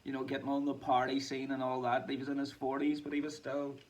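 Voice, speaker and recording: A man's voice: medium pitch, completely flat delivery, fast talker, darkish tone, distant mic, slight background noise, rough recording. A man, a musician hosting his own vlog, chatting in a loose, self-deprecating way and laughing often. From Ireland. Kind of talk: casual rambling monologue.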